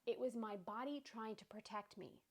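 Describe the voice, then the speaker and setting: A woman's voice: a little high, normal speed. A woman in her thirties hosting a podcast on emotional healing, talking in a casual, reassuring way and checking in with "okay?" and "right?". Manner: conversational, reassuring, many "okay?" and "right?" asides. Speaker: podcast host. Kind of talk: casual self-help talk.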